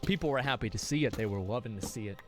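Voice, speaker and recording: A man telling a casual story in an animated, profane way, acting out his friends' quoted lines. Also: fairly low pitch, rapid-fire, faint music behind.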